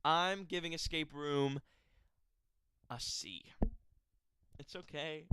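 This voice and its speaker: A man's voice: fairly high pitch, extremely slow, pushed and bright, a little hiss or hum. A man giving a casual, chatty film review, laughing and adding exaggerated asides. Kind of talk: casual movie review vlog.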